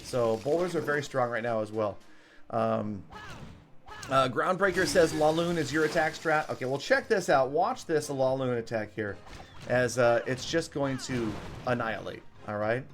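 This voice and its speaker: A man giving excitable live commentary on strategy game battles and chatting with viewers by name. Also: mid-range voice, moderate pace, slight background noise. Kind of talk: live gameplay commentary, reading chat.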